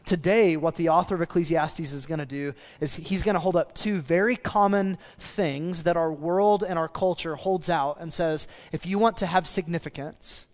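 Male pastor, easygoing sermon delivery, higher voice, long church reverb. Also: normal speed, hardly any pauses. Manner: conversational, with spoken restarts and asides.

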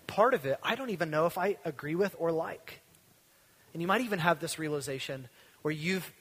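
A man preaching a sermon as pastor, earnest and emphatic, dropping to a hush to drive a point home. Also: high-pitched, breathy edge. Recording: long reverb of a large hall.

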